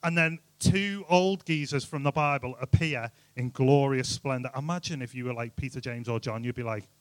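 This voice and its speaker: A man's voice: mid-range voice, moderate pace, no room sound. A man giving an informal, jokey youth sermon, full of rhetorical questions. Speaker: youth speaker.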